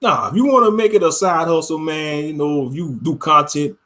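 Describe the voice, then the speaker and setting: A man's voice: a little high, a little fast, a bit bright. A man giving casual religious commentary online, slangy and preachy, often laughing.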